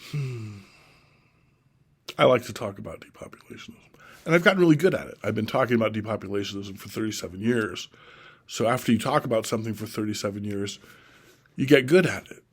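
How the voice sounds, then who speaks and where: A middle-aged man from Oregon giving a slow, deliberate, repetitive solo monologue about his political views. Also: fairly low pitch, slightly rough. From Oregon, USA. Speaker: self-styled presidential candidate.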